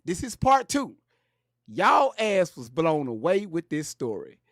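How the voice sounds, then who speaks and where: Man, commentary host, high-pitched, very lively, joking, profane slang, dry close sound. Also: a little slow, no echo. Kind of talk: casual commentary.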